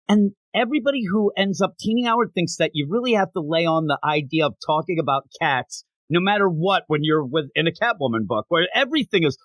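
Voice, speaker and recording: Guy cohosting a comics podcast, high lively voice, swears a lot, dry close sound. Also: fairly quick, few pauses, no room sound. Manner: animated, profane, acts out characters' lines. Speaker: podcast co-host. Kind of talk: casual comic book review chat.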